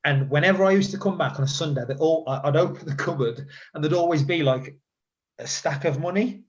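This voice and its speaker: Former footballer guest, dull lo-fi sound. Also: male voice, a little high, brisk. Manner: rambling anecdotes with laughs and quoted asides. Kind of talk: casual storytelling chat.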